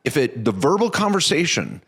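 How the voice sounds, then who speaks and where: A man's voice: a little high, normal speed, breathy edge. A man co-hosting a podcast, telling stories in a casual, joking way. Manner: animated storyteller, joking asides. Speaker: podcast co-host.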